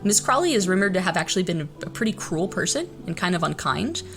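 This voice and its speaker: A woman's voice: fairly low pitch, sing-song, quick pace, music in the background. A woman co-hosting a podcast, telling a story in a chatty, casual way with plenty of fillers. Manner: chatty, many "like" fillers, laughs easily. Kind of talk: casual chat.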